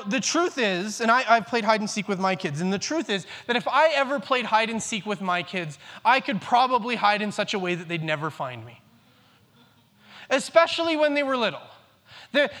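A pastor in his thirties preaches an earnest sermon, repeating key phrases for emphasis. His voice is very high, pushed and bright, with long reverb from a large hall.

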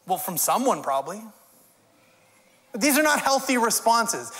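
A man's voice: high-pitched, very animated, a little slow, long pauses, fairly bright tone. Guy pastor giving a sermon, chatty with dry jokes, lots of hall reverb. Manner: conversational preaching with wry humorous asides.

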